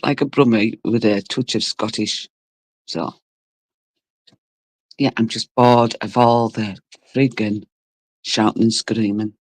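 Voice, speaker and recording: A livestream host from Cumbria, England, runs a casual stream, greeting viewers as she chats bluntly, swears, and laughs a lot. Her voice is low and rough, and there's no room sound.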